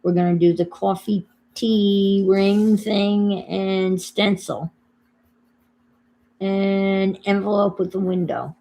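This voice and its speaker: A woman's voice: mid-range voice, fairly even intonation, slow pace, mellow. An older woman with a New York accent, chatting casually to viewers on her crafting livestream while she works. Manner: chatty, thinks aloud while working, greets viewers.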